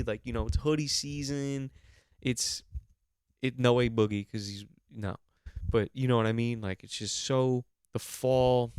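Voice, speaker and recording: A young man rambles through a profane comic monologue as a podcast host, stacking fillers and restarts. His voice sits at an ordinary middle pitch, recorded close and dry with no room sound. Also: smooth, no echo. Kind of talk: casual comedic monologue.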